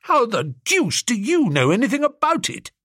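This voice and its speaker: A flustered young toff in a fix, as a male narrator plays him, rambling on in old-fashioned slang. The pitch jumps around a lot, and the voice is slightly husky on a close, dry recording. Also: big pitch swings, normal speed, no room sound. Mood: gloomy. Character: hard-up young gentleman, gloomy and flustered. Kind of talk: audiobook character voice.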